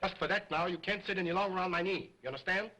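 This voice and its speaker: A grandiose, self-important ventriloquist who speaks in stiff, formal phrases and keeps scolding his partner. His voice is forceful and husky, delivered in early sound film style. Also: high-pitched, quick pace, low-quality recording. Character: pompous egocentric male stage ventriloquist. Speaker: stage ventriloquist.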